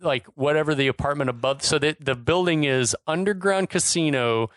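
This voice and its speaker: A man's voice: on the high side, normal speed, fairly bright tone, dry recording, clean studio sound. A man co-hosting a podcast, casually retelling movie scenes and quoting lines with easy laughs. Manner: laid-back, retells scenes with quoted lines, laughs often. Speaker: podcast co-host. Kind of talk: casual movie recap chat.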